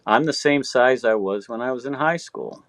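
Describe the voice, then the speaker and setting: A man's voice: medium pitch, moderate pace, no room sound. A man in his sixties telling stories in casual chat, swearing freely and acting out what people said. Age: 60s. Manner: profane, animated storyteller acting out quotes.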